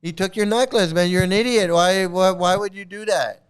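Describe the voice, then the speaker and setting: A man reacts to a clip with blunt scorn, stumbling into restarts and repeating his points. His voice is smooth and clear. It sits a little high for a man. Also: normal speed. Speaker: commentary host. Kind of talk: mocking reaction commentary.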